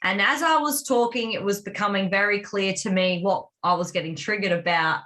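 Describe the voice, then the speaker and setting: A woman's voice: mid-range voice, a little fast, fairly bright tone. A woman telling a personal story in a candid, confessional way, rambling with plenty of fillers. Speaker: vlog co-host.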